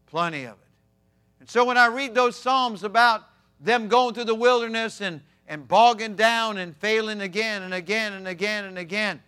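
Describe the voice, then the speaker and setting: A male pastor preaching a sermon, emphatic, swinging between loud declarations and quiet asides. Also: high-pitched, clear, resonant tone.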